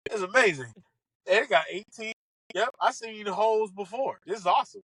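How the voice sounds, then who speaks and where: An excitable man tells comic stories as a podcast guest, slipping into the voices of the people in them. His voice sits a bit high and rings bright and forceful. The sound is close and dry, with no room in it. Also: a little fast, no echo, rough recording. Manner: animated, excitable, acts out quoted lines. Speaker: podcast guest, comedian and golf broadcaster. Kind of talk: casual comic storytelling.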